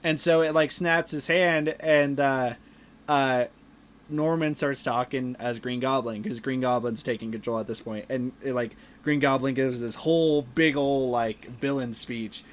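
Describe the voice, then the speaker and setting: A man's voice: medium pitch, fairly even intonation, a little slow. A man hosting a podcast, casually retelling a movie plot with lots of fillers and restarts. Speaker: podcast host. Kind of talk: casual movie review chat.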